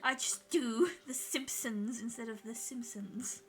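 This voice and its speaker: A woman's voice: a little high, unhurried, slight background noise. A woman streamer chatting casually with her viewers while she draws, swearing freely and laughing often.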